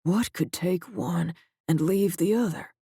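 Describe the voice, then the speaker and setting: A male narrator voicing a shaken agency director who speaks in a quiet, halting, grave way. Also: high voice, vocal fry, husky, dry recording, studio quality, exaggerated voice. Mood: grim.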